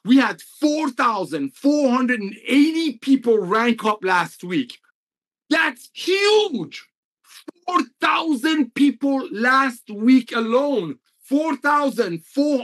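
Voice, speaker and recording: An excitable man delivers a motivational company update. His voice swoops up and down as he gets emotional, and he repeats his points over and over for emphasis. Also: very high voice, slow. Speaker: network marketing company executive.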